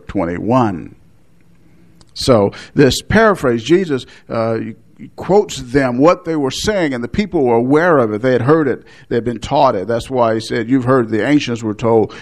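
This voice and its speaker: A man's voice: medium pitch, a little mellow. Man preaching a verse-by-verse sermon. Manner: explanatory, with restarts and small laughs. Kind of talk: expository sermon.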